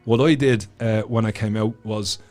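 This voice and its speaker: A man's voice: on the low side, steady tone, moderate pace, a little mellow, soft background music. An Irish man in his middle years, a guest on a chat podcast, telling his story with passion, swearing freely and repeating words as his feelings rise.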